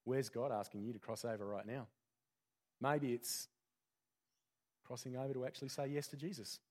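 A pastor giving a conversational sermon full of rhetorical questions. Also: male voice, medium pitch, steady tone, moderate pace, a little mellow.

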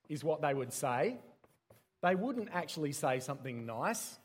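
A man with an Australian accent leads a playful children's talk, his voice sitting noticeably high for a man. He keeps quizzing his listeners and has them repeat the key words with him, in a lively, interactive teaching manner. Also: normal speed, breathy edge.

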